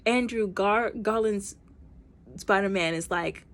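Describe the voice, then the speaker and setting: A woman giving a casual movie review, talking in a chatty, animated way full of slang and fillers. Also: medium pitch, takes it slowly. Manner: animated, acts out scenes in quoted voices.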